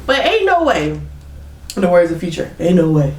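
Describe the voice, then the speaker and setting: A woman co-hosting a podcast in casual chat, animated, laughing and swearing freely. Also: fairly low pitch, normal speed. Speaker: podcast co-host. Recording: echoey room, distant mic.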